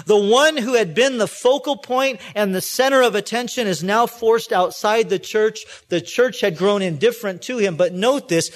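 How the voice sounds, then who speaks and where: High-voiced male preacher. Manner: storytelling preacher, acts out quoted voices; conversational, with frequent restarts. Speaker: pastor. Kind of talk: sermon.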